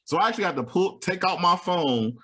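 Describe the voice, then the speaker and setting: A man chatting casually as a guest, telling animated stories, acting out quotes and laughing often. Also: high-pitched, a little fast. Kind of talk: casual chat.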